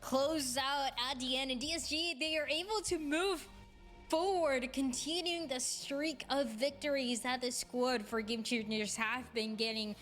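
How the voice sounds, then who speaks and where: Woman, esports analyst, measured breakdown, slightly high voice, faint music. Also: steady tone, a bit bright.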